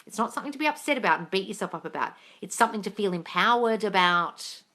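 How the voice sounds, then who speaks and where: A woman's voice: mid-range voice, animated, quick pace, bright, forceful tone. A woman hosting a casual live question-and-answer stream, reading out comments and giving blunt, swear-heavy advice. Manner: blunt, swears freely, mocks gushing with squealing impressions; reads viewer comments aloud. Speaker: manifesting coach answering live chat questions. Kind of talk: casual livestream Q&A. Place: home livestream. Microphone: phone.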